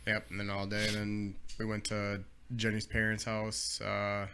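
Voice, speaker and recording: A man co-hosting a podcast, speaking in short, dry, deadpan remarks. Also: on the low side, unhurried, a little hiss or hum. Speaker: podcast co-host. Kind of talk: casual chat.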